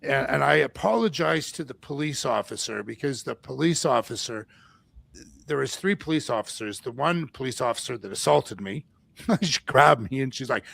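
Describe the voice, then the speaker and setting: A man from Canada hosting a casual chat, rambling through animated stories and acting out quoted voices. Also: on the high side, normal speed, vocal fry, no room sound. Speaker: podcast host.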